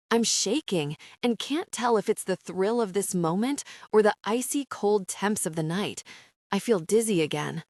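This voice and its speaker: A woman's voice: mid-range voice, no room sound, clean studio sound. Woman reading an intimate romance audiobook. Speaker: audiobook narrator. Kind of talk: first-person romance audiobook narration.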